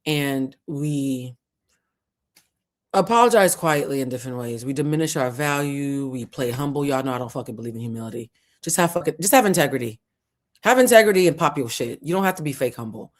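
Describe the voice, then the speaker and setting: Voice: mid-range voice, expressive, fairly quick. Show host, passionate commentary, profane, emotional, close to tears, repetitive preaching cadence. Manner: fiery, profane, preachy, repeats phrases for emphasis. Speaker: host of a culture and tarot channel. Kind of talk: impassioned commentary to camera.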